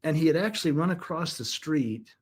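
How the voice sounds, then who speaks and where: A man's voice: a little high, animated, brisk, breathy edge. A middle-aged man, a podcast guest, telling an emotional personal story in an earnest, reflective way with frequent restarts.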